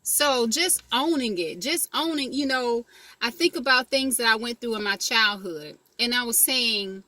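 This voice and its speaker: A woman's voice: on the high side, unhurried, pushed and bright, no echo. A woman giving a casual motivational talk, speaking conversationally and often asking whether the listener follows. She repeats key phrases for emphasis. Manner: conversational, asks "you know what I mean?" often.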